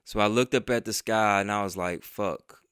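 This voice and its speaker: A man's voice: on the low side, normal speed, fairly bright tone, clear, resonant tone, dry recording, clean studio sound. A man telling a personal story in a casual, profane storytime monologue, acting out the dialogue as he goes. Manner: conversational and profane, retelling with quoted dialogue. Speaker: vlogger and podcaster.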